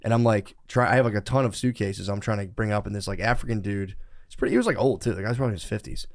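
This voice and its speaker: Man, young adult, rapid-fire talker, rambling profane storytelling, casual podcast chat. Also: lowish voice, gravelly. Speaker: podcast host.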